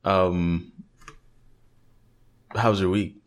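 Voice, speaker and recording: A man's voice: low-pitched, steady tone, drawn-out words. A man hosting a casual podcast chat, joking around and hesitating often. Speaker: podcast host.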